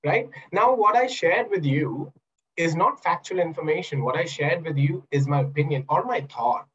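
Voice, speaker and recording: Over a video call, a man coaching a webinar teaches through questions and acted-out examples. The NLP coach and trainer sounds a little high, expressive and fairly bright at normal speed, though the audio is dull.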